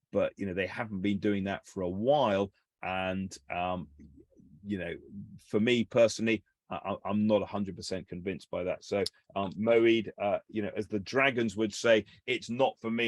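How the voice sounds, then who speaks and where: A man's voice: on the low side, steady tone, normal speed, dry recording. A man co-hosting a show, explaining company finances in a casual, hesitant way with many fillers and restarts. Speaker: co-host analysing company finances.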